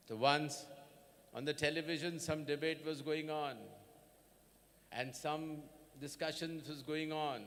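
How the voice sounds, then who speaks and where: A man's voice: on the high side, a bit bright, in a large hall. A man giving a convocation address to students, speaking in an emphatic way and asking many rhetorical questions. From India. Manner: slow, emphatic, repeats 'sir' and rhetorical questions. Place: large hall.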